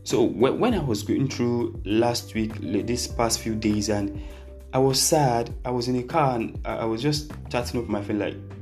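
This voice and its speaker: A man's voice: mid-range voice, moderate pace, a little mellow, faint music behind. A young man, talking earnestly and reflectively to his viewers, often restarting his sentences. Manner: earnest, repetitive restarts, pleading. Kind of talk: reflective personal talk to camera.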